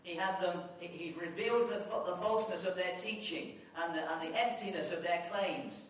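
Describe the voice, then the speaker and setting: A man delivers a sermon with impassioned repetition and restarts. His voice sits high. He is heard from a distance in a strongly echoing hall. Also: normal speed, a little hiss or hum. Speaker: visiting preacher. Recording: echoey hall, distant mic.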